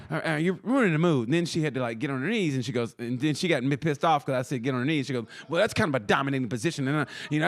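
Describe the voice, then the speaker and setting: Man, middle-aged, podcast co-host, slightly high voice, rambling storyteller, acts out quotes. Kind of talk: casual comedic chat.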